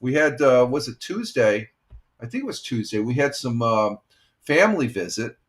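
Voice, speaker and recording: A man's voice: medium pitch, very animated, normal speed. A man in his sixties, a retired firefighter, hosting a casual morning live stream and chatting with viewers in a rambling, easygoing way with many fillers. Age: 60s.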